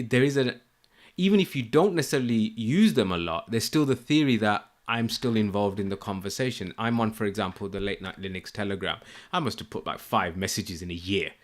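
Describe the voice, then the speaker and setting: A man hosting a podcast, chatting in a friendly, rambling way with plenty of fillers. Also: on the low side. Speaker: podcast host. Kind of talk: casual interview chat.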